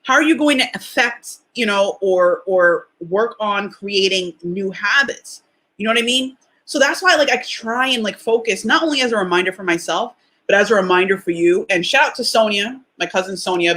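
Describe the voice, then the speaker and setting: A woman's voice: mid-range voice, normal speed, pushed and bright. Woman, young adult, podcast host, casual motivational talk, emphatic, rhetorical questions.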